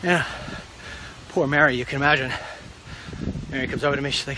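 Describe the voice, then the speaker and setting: A middle-aged man rambling in a casual vlog while out walking, a bit out of breath, with sudden excited outbursts. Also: quick pace, pauses often, noisy background. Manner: animated, jumps into high excited outbursts. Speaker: vlogger.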